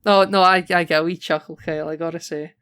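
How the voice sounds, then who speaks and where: A man co-hosting a podcast, chatting casually and animatedly about a film, quick to laugh. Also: on the high side, steady tone, fairly bright tone, smooth. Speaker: podcast co-host.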